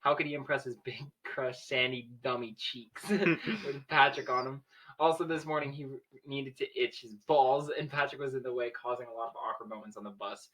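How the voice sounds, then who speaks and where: A man's voice: medium pitch, moderate pace, a bit bright, breathy edge. A young man casually reading a story aloud with friends, laughing and swearing.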